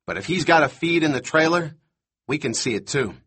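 A nervous, fast-talking mechanic in a storybook reading, put on by a male narrator. He rushes his words in a raised, slightly husky voice, always sounding rattled. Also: fairly high pitch, animated, a bit bright, voice pushed up. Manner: fast, fretful, exclamatory.

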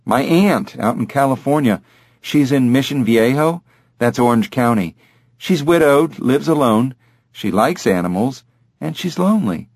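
A man's voice: mid-range voice, lively intonation, unhurried, a little mellow, slightly rough, no echo, clean studio sound, voice pushed up. A man voicing a friendly, easygoing young male pet store clerk.

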